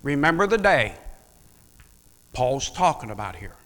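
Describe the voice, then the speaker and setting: A male pastor delivering a sermon in an animated, conversational way, asking the congregation questions. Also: medium pitch, measured pace. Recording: long reverb of a large hall.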